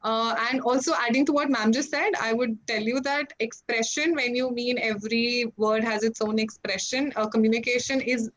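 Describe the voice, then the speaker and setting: A woman with an Indian English accent answering questions in an online workshop over a video call, lively and acting out example phrases. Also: on the high side, moderate pace, hardly any pauses. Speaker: workshop speaker. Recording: dull lo-fi call audio.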